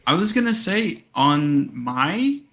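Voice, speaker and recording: Bright-voiced swearing stream co-host. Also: male voice, fairly high pitch, big pitch swings, slow. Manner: blunt, swears freely. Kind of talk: casual chat on a live stream. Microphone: desk mic on a video call.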